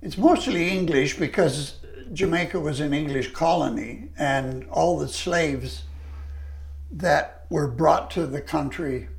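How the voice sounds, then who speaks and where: An older retired lecturer telling stories of his past, animated when he quotes people. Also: fairly high pitch, vocal fry. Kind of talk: reminiscing storytelling.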